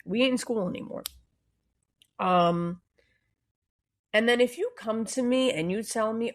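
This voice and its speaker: A woman's voice: mid-range voice, lively intonation, takes it slowly, pauses often. A young woman with a New Jersey accent hosting a solo podcast, ranting bluntly and swearing constantly, hot and cranky. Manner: blunt and profane, heavy swearing. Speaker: podcast host. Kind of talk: casual solo podcast rant.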